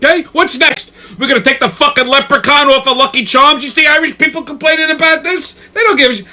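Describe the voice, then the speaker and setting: A man's voice: very high voice, fast talker, pushed and bright. A male host giving a profane, exasperated comedic rant and tagging his points with "okay?". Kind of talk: ranting comedic commentary.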